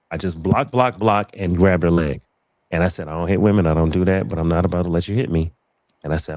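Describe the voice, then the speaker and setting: A man's voice: sits low, darkish tone, no room sound, studio quality. A man hosting a casual live talk show, telling a personal story with animation and repeating phrases for emphasis. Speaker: livestream show host. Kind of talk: casual chat.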